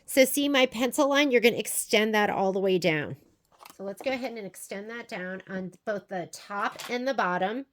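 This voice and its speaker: With a mid-range voice and lively intonation at a normal speed, this woman teaches a quilting project while talking through each step. She's chatty and thinks aloud as she sews, and the recording carries a little hiss or hum.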